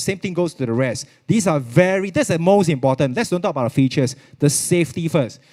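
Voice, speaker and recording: His voice sits on the higher side with a slightly mellow quality. He's a man with a Singaporean English accent presenting products at a virtual expo, and his live demo is chatty, repetitive, and dotted with Mandarin.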